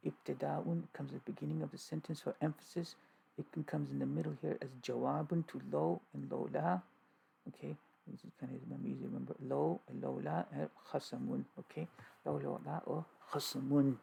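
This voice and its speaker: A man teaching an informal grammar lesson, halting with fillers and restarts, repeating key terms as he goes. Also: on the high side, little pitch movement, vocal fry, warm tone, slight background noise, low-quality recording.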